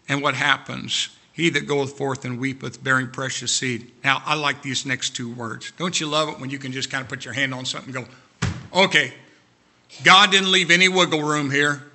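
A man's voice: mid-range voice, normal speed, sharp tone. A man preaching a sermon, fervent and repetitive, calling out to his congregation. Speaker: pastor.

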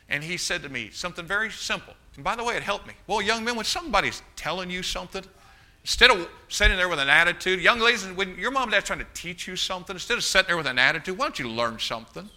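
A man's voice: fairly high pitch, bright, forceful tone. A middle-aged man preaching a sermon, telling a personal story with frequent restarts and asides to the congregation.

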